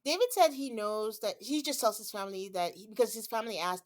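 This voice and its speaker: A woman's voice: mid-range voice, fast talker, hardly any pauses. A woman hosting a podcast, recapping a reality show in casual chat; she talks freely, jumps into quoted voices and laughs often. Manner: chatty, animated when quoting people, laughs often. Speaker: podcast host.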